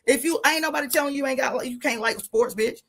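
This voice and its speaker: A woman's voice: sits high, fast. A middle-aged woman guesting on a radio show, talking bluntly and emphatically with plenty of swearing. She tells her stories casually and laughs along the way.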